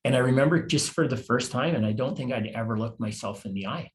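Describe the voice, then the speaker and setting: A man in his fifties, a podcast guest, telling a personal story in a halting, confessional way and often repeating words. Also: mid-range voice, a little hiss or hum. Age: 50s.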